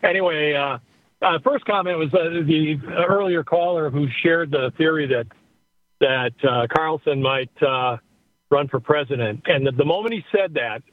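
A man's voice: fairly high pitch, moderate pace, no echo. A man calling a radio show from his car, rambling and thinking aloud. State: driving while calling. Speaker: caller. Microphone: phone from a car. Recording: tinny phone line.

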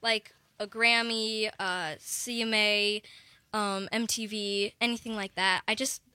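A woman's voice: medium pitch, fairly even intonation, slow pace, sharp tone, clear, resonant tone, dry recording. A teenage girl, a guest singer-songwriter, answering questions in a radio studio, hesitant and full of fillers and restarts. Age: teens. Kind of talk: casual radio interview.

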